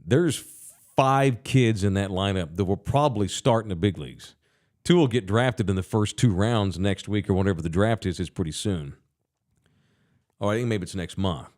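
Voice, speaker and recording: A man's voice: lowish voice, normal speed, darkish tone. A middle-aged man, co-hosting a sports podcast and telling rambling, profane stories. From Texas. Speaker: podcast co-host. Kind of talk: casual sports talk. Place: bar studio.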